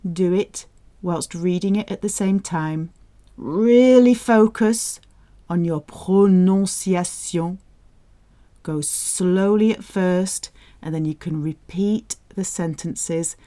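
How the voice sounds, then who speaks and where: A woman teaching French, speaking with slow, clear enunciation on the example phrases. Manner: lively jumps in pitch on example phrases. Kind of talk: audio language lesson.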